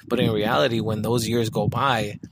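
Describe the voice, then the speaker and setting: A man's voice: lowish voice, steady tone, normal speed, background noise. A man talking casually in a monologue, swearing often and rambling with lots of filler words.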